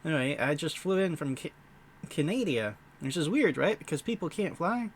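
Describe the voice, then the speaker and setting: A man's voice: fairly high pitch, lively intonation, normal speed, breathy edge. A man voicing a crazy squirrel-man comedian with a hokey, folksy stand-up delivery full of corny jokes. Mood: jokey.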